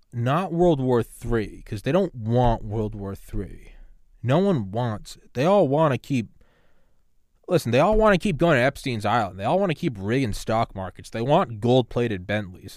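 A man's voice: mid-range voice, animated, normal speed, darkish tone, no room sound, clean studio sound. A man hosting a solo podcast, ranting sarcastically about politics with profanity and rambling asides. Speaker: podcast host.

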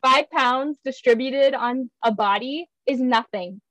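Chatty woman, laughing and animated. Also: high-pitched, a little slow, no room sound, poor audio. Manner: chatty, laughs often, acts out her own voice in quotes. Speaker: podcast guest. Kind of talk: casual podcast chat.

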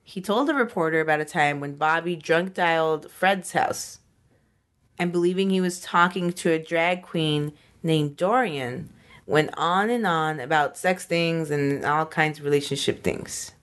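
A woman's voice: deep voice, unhurried. A woman co-hosting a podcast, telling a story in a casual, rambling way with many fillers and restarts. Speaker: podcast co-host.

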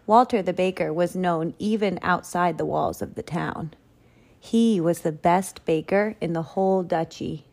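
A woman reading a picture book aloud in a slow, expressive storytelling manner. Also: fairly low pitch.

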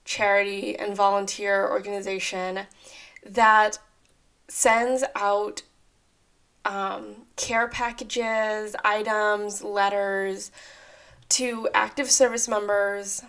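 A young adult woman talks through a solo podcast episode from her apartment. Her voice is slightly hoarse and rough. She chats loosely and rambles, with plenty of fillers along the way. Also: medium pitch, flat delivery, slow, fairly bright tone. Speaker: podcast host. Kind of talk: casual solo podcast talk. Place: apartment at home.

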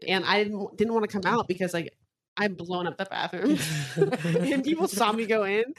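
A young woman co-hosts a podcast, sharing candid, crude stories in easy chat. Her voice sits at an ordinary middle pitch, neither high nor low. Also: moderate pace. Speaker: podcast co-host. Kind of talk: casual chat.

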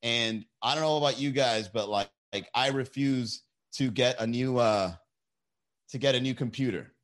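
A man hosting a comedy podcast, talking in a profane, animated, laughing monologue to a live chat. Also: mid-range voice, moderate pace. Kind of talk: casual comedy monologue on a livestream. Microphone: desk mic with mixer.

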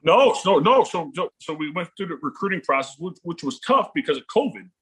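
Husky man telling animated stories. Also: fairly quick. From Illinois. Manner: animated, acts out quotes with jumps in pitch. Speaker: guest, parent of a volleyball recruit. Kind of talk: casual storytelling.

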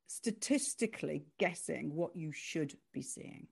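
A woman's voice: deep voice, measured pace, vocal fry, breathy edge. A woman, talking animatedly as an author guest in an interview. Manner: animated, expressive, laughs easily. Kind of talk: conversational interview.

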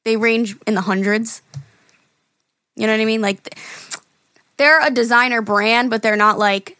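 A woman's voice: fairly high pitch, little pitch movement, moderate pace, pushed and bright, no room sound. A young woman co-hosting a podcast in casual chat, talking freely with lots of fillers and laughs. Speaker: podcast co-host.

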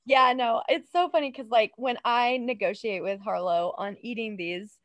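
A chatty woman in her thirties co-hosts a casual podcast, leaning on emphatic repeats as she drifts off topic. Her voice sits a little high. The sound is close and dry, with no room around it. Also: moderate pace, fairly bright tone, dry recording. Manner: chatty, wanders onto tangents, emphatic repeats. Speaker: podcast co-host. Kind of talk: casual true-crime podcast chat.

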